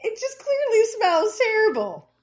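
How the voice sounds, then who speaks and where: A woman's voice: very high voice, wildly swooping pitch, measured pace. A woman co-hosting a podcast, joking in casual banter and leaning on "like" fillers. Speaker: podcast co-host.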